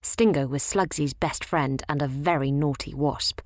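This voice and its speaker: A woman narrating a children's storybook in a lively, expressive way. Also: low voice, normal speed, no echo, clean studio sound.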